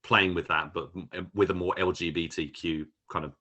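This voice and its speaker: A man with a low voice talks through a film in casual podcast chat, restarting sentences and trailing off with fillers. His tone is bright and forceful despite the low pitch. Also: fairly even intonation, normal speed, lo-fi sound. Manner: rambling, many restarts and fillers. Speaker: podcast co-host.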